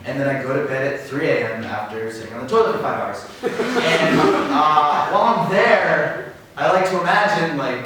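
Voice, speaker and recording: A young man delivers a rambling, offhand stand-up set full of fillers, his pitch swinging widely. The sound comes from a distant mic in a very echoey black-box room. A clear layer of noise runs beneath it. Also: big pitch swings, moderate pace, a bit bright. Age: young adult. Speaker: stand-up comedian. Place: black-box theater stage.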